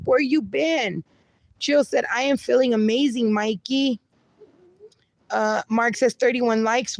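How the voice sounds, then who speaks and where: Female stream host, unhurried and chatty, mixes in Spanish words, close dry sound. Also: a little high, no echo. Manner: chatty, reads chat aloud, slips into Spanish words. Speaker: livestream host. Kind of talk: casual live chat reading comments.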